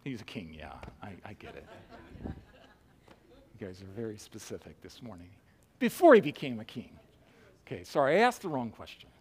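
A man preaching a sermon to a church congregation, swinging from loud pleading cries to quiet, earnest talk. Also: on the low side, big pitch swings, normal speed, pauses often, slight background noise. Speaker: pastor. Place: church sanctuary.

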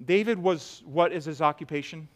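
A man preaching a sermon to a church congregation, swinging from loud pleading cries to quiet, earnest talk. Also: a little high, normal speed. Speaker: pastor. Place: church sanctuary.

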